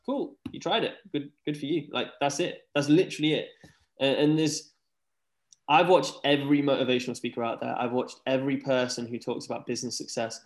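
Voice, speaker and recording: A young man, a guest talking casually on a podcast, energetic and rambling, saying "like" a lot. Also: medium pitch, quick pace. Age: young adult. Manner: energetic, rambling, says "like" often. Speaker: guest, former pro tennis player. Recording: roomy echo.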